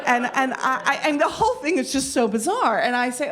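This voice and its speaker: A woman telling a funny personal story in an animated, self-mocking way. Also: sits high, moderate pace, hardly any pauses. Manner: animated, self-mocking, lots of fillers and restarts.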